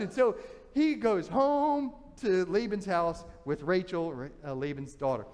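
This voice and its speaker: A male pastor preaching a sermon, retelling a story in an animated way, often restarting his phrases. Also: sits high, unhurried, in a large hall. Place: church sanctuary.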